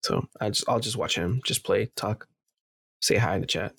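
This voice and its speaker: Rambling low-voiced man on a gaming podcast. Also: moderate pace, creaky, fairly bright tone. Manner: rambling, loose and profane. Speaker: podcast co-host. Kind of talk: casual gaming podcast chat.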